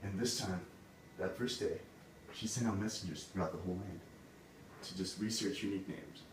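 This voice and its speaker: A man's voice: low-pitched, fairly even intonation, normal speed. A man retelling a fairy tale in a casual, chatty way, peppered with "like". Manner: casual, full of "like" and "he's like". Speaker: storyteller. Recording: roomy, distant mic, background noise.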